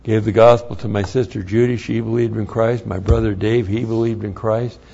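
An older man giving an earnest, plain-spoken personal testimony, with halting restarts as he tells his story. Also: lowish voice, fairly even intonation, creaky, dark tone, slightly rough. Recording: dull lo-fi recording.

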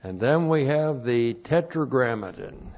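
A man gives a slow, methodical Bible lesson at an unhurried pace, leaning hard on the words he wants to stress. His voice sits in a middle register. The recording sounds dull and lo-fi. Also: medium pitch, animated, a little mellow. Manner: slow, deliberate, emphatic on key words. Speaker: Bible teacher. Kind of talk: expository Bible teaching.

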